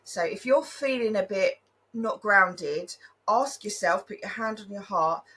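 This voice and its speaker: A woman's voice: medium pitch, expressive, unhurried, pushed and bright, breathy edge, poor audio. A woman in her thirties co-hosting a podcast, earnestly sharing ideas and tips in casual chat. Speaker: podcast co-host.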